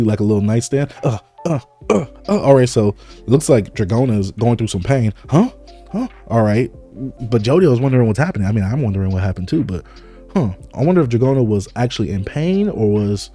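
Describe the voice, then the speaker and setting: A man reading manga aloud and reacting live, in excitable, casual, slang-heavy commentary. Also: fairly low pitch.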